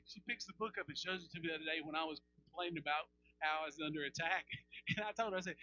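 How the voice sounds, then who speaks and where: High, bright-voiced preacher. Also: male voice, fast talker, dull audio, slight background noise. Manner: folksy storytelling that drops to hushed, near-whispered passages. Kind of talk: sermon.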